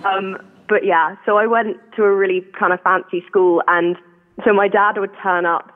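A woman's voice: medium pitch, steady tone, normal speed. Posh English woman on a phone line. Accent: posh southern English. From England. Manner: chatty, laughs often, self-deprecating. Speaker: caller. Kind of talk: casual chat.

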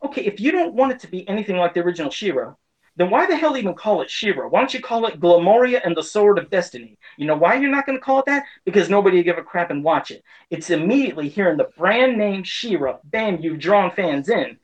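A man's voice: high voice, very animated, quick pace, dull audio. A man in his forties giving a casual, heated opinion rant as a pop culture commentator, indignant and frustrated.

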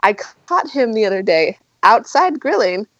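A woman's voice: a little high, very animated, unhurried, fairly bright tone, dry recording, dull audio. A woman co-hosting a casual podcast, talking playfully and laughing often. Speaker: podcast co-host. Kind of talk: casual chat.

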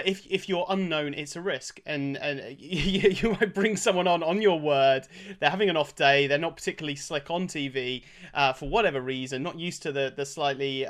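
A man's voice: a little high, fairly bright tone. A man hosting an interview, often repeating words and stumbling over his phrasing as he reacts and asks questions. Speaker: interview host. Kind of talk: casual interview.

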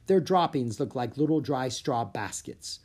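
A reader voicing a calm, patient male panda keeper who explains things politely. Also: mid-range voice, a little slow, slightly rough. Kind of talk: storybook read-aloud.

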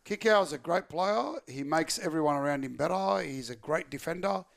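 A man, a podcast guest arguing about rugby league loudly and emphatically. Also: a little high, lively intonation, brisk, creaky. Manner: loud, emphatic, argumentative. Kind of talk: heated sports banter.

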